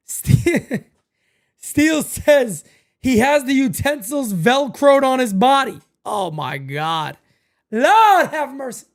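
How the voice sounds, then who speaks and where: Profane, animated baseball stream host. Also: female voice, slow. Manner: animated, profane, trails off into low mutters. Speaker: live baseball watch-party streamer. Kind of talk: casual live-stream commentary.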